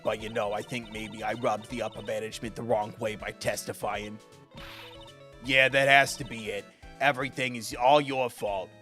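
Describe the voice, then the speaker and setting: A man's voice: fairly low pitch, little pitch movement, normal speed, pushed and bright, soft background music, voice pushed down. A man voicing a cranky old woman security guard, scolding and grumbling at young people. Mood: accusing.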